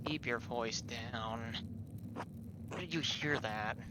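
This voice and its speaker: A man voicing a nervous guilty man accused of theft, hushed and evasive. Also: mid-range voice, slow, very noisy, pitched below the performer's own voice, close to an everyday voice.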